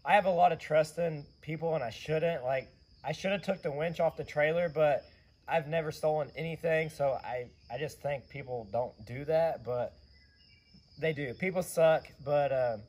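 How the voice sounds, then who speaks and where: A man with a hoarse, raspy voice, animatedly retelling a trip in a casual vlog. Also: fairly high pitch, normal speed, darkish tone. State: hoarse from yelling. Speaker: channel host, custom car builder.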